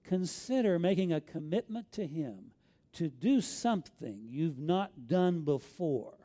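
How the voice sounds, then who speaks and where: A man's voice: on the high side, sing-song, measured pace, dark tone. A middle-aged man with an Arkansas accent, preaching a sermon as a pastor, telling stories in an earnest, folksy way.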